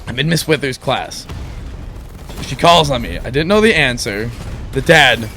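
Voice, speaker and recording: A young man hosting a let's play, telling a rambling, giggly story in a playful, animated way. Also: medium pitch, a little slow, faint music behind.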